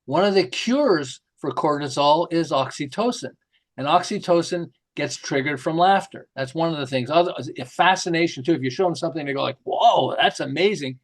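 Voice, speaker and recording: Man, middle-aged, lively storyteller, bright voice, acts out quotes. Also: a little high, fairly quick. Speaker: marketing author and guest. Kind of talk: animated storytelling interview.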